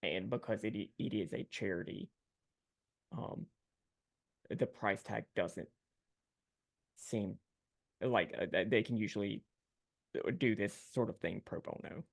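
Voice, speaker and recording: Gravelly man with a hesitant delivery. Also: lowish voice, unhurried, long pauses, no room sound. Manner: hesitant, full of ums and restarts. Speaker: player in a tabletop game. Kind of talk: casual tabletop role-play.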